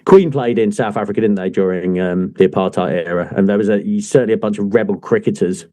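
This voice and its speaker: A man co-hosting a casual football book podcast, talking in an animated way with plenty of swearing and laughter. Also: fairly low pitch, fast talker. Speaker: podcast co-host. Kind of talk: casual chat.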